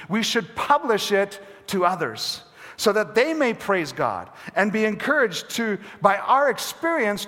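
A man preaching a sermon as pastor, swinging between hushed, near-whispered phrases and emphatic calls. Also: sits high, long reverb tail.

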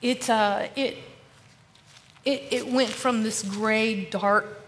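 A woman earnestly sharing her personal faith testimony as a podcast guest, often dropping to a soft, hushed voice and calling listeners y'all. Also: a little high, steady tone, slow pace, long pauses, big-room sound.

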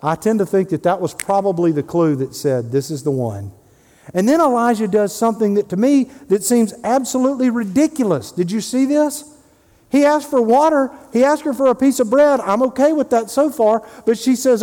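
A man's voice: extremely high pitch, moderate pace, mellow. A man preaching a sermon as a pastor, retelling Bible stories and acting out the dialogue in casual voices. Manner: storytelling, acts out biblical dialogue in casual voices. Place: church sanctuary. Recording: long hall reverb.

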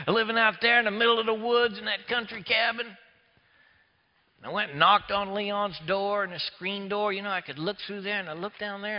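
A man, preaching a sermon as a pastor, swinging between hushed near-whispers and loud emphatic passages. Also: sits high. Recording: echoey hall, dull lo-fi sound.

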